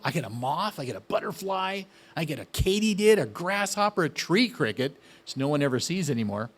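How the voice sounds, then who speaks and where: A man's voice: fairly high pitch, big pitch swings, brisk, hardly any pauses. A man giving a casual, enthusiastic gardening talk, often asking his listeners questions. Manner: chatty, enthusiastic, asks the audience questions. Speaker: gardening speaker.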